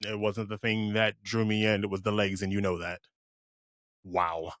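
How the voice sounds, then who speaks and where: A man's voice: on the low side, flat delivery, normal speed, fairly bright tone, no room sound. A young man co-hosting a podcast, trading teasing, dry banter in casual chat. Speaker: podcast co-host.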